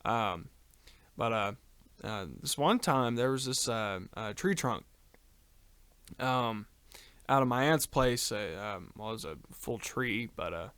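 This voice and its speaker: The recording is dry and clean, carrying a man's medium-pitched, fairly bright voice with lively intonation at a slow pace. He's co-hosting a casual podcast, telling a long, rambling story loaded with ums, uhs and casual cursing.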